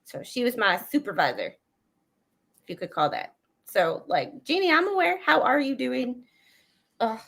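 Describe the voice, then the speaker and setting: A woman's voice: a little high, big pitch swings, normal speed, vocal fry, long pauses, fairly bright tone. Chatty, opinionated woman co-host. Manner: chatty, opinionated, full of fillers. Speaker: stream co-host. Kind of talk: casual live-stream chat.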